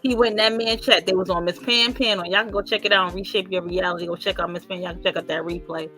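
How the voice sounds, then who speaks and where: A woman hosts a casual gossip stream, cursing freely and acting out what others said. She speaks in a bright, sharp voice. Faint music plays underneath. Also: fairly low pitch, quick pace. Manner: animated, profane, mimics others' voices. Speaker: host.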